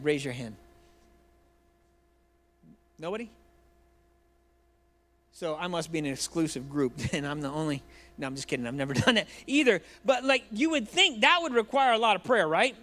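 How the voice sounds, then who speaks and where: A man's voice: a little high, a bit bright. A man preaching a sermon in a church, joking and conversational, addressing the congregation directly. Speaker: pastor.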